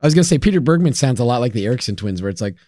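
A man's voice: mid-range voice, expressive, rapid-fire, dark tone, no echo, clean studio sound. A man co-hosting a podcast in casual chat, rambling through his thoughts. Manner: rambling, many fillers and restarts. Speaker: podcast co-host.

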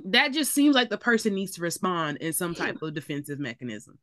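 Animated, bright-voiced woman podcast co-host. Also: lowish voice, fairly quick, no room sound, studio quality. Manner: blunt, exasperated, swears freely. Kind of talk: casual movie discussion.

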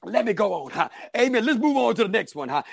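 High gravelly preacher man shouting amen. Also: very animated, fast, crowd noise. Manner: shouting, rhythmic, frequent "amen". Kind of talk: call-and-response sermon.

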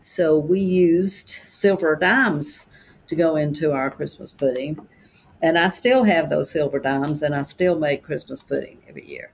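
Older woman with a gravelly voice. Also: low-pitched, low-quality recording. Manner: fond, halting, restarting sentences. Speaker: interviewee, daughter of the subject. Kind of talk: reminiscing interview.

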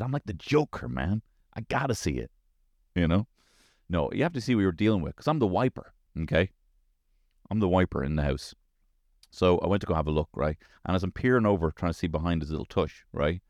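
A Dubliner in his thirties hosts a show with an animated comic monologue, swearing and peppering it with tag questions. His voice is low-pitched and fairly quick, recorded at studio quality with no room sound.

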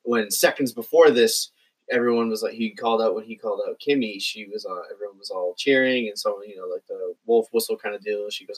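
A man with a low, husky voice chats about movies on a podcast. He rambles, restarting sentences and filling gaps with ums as he goes. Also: steady tone, low-quality recording. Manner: rambling, halting, lots of fillers. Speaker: podcast guest. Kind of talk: casual film discussion.

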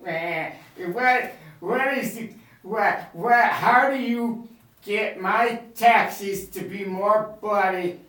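A man putting on a slow, muddled male voter who stumbles over his words. His tone is bright and tense, and he drags out every phrase. Everything rings out in a roomy, echoing space. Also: sits high, voice pushed up, exaggerated voice. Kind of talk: improvised comedy acting. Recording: echoey room, distant mic.

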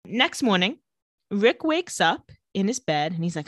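A woman co-hosting a casual chat, retelling scenes and quoting characters in quick voices. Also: mid-range voice, expressive, fairly bright tone, no room sound. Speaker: podcast co-host recapping a TV episode.

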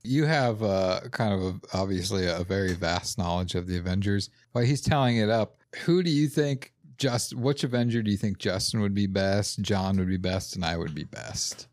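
Low-voiced man asking questions. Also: moderate pace, few pauses, no room sound. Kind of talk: casual podcast banter.

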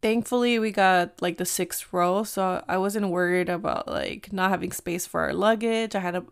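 A woman's voice: fairly low pitch, moderate pace, creaky, clean tone. Chatty Mexican-American woman in her thirties. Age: 30s. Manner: chatty, animated, slips into Spanish. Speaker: podcast host. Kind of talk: casual storytelling chat.

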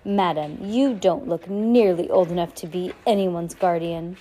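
A woman's voice: lowish voice, measured pace, warm tone. A woman reading aloud as a scheming male villain disguised as a sea captain, oily and falsely polite.

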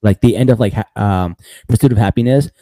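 A man's voice: on the low side, a little fast, mellow, dry recording. A man hosting a podcast, recapping casually in a loose rambling way, laughing often and saying "bro" a lot. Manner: laughs often between lines. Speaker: podcast host.

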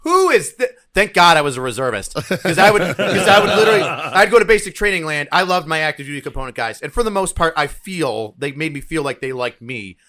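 A man's voice: a little high, fast talker, hardly any pauses. A man who was a reservist drill sergeant, telling army stories on a podcast and acting out the dialogue. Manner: animated, acts out dialogue in stories. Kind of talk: casual podcast storytelling.

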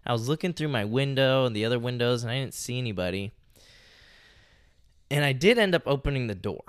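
Young guy, mid pitch, casual profane storyteller, dry close podcast mic. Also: lively intonation, a little fast, clear, resonant tone, dry recording. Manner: rambling, profane, heavy use of "like" and "you know". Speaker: podcast co-host.

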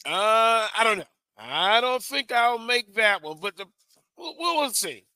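A man hosts sports talk radio in an easy, chatty way, speaking slowly in a bright, high voice. The sound is dry and close. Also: sing-song, no room sound. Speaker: radio show host.

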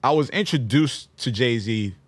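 A man's voice: medium pitch, a little slow, no echo. A man co-hosting a casual hip-hop chat, telling stories loosely and with lots of profanity. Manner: animated, profane, loose storytelling. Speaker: podcast co-host.

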